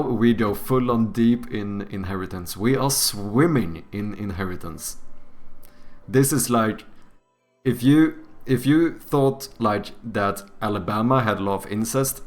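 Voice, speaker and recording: A man chatting casually on a live stream while working on and playing a game, breaking into profane, excitable outbursts between calmer stretches. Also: on the low side.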